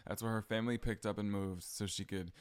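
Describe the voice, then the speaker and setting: A man's voice: fairly low pitch, steady tone, a little fast, clear, resonant tone, no room sound. A young man with a Southern accent, chatting casually on his solo podcast with frequent ums and likes. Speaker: podcast host.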